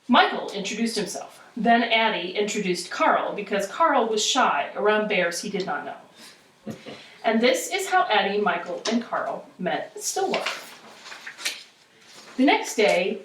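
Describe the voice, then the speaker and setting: A woman's voice: moderate pace, slight background noise. Woman teacher reading aloud with lots of expression, miked from across a reverberant classroom. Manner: expressive storytelling with lively pitch. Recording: echoey room from a distance.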